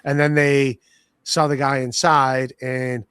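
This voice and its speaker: A man's voice: medium pitch, flat delivery, slow pace, a bit bright, clear, resonant tone, dry recording, studio quality. A man hosting a podcast, telling a long story in casual chat with lots of fillers and restarts. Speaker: podcast host.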